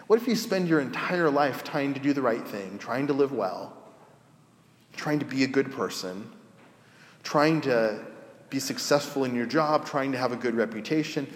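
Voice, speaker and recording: A man preaching a sermon as pastor, telling stories in a relaxed, conversational way and acting out the people he quotes. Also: medium pitch, normal speed. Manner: conversational storytelling, acts out quoted voices. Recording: roomy echo with long reverb.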